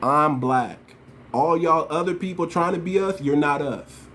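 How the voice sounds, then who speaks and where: With a fairly high, slightly bright voice and a somewhat slow pace, a US channel host addresses his viewers directly. He gives fervent, slang-heavy political commentary, stressing and repeating his points, over a faint hiss or hum.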